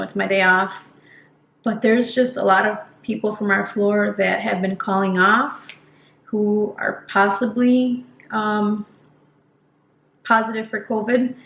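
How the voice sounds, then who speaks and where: A woman's voice: medium pitch, gravelly. A young woman, a nurse, talking earnestly and casually to camera in a vlog, with fillers and restarts. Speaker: nurse vlogger. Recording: echoey room, faint background noise.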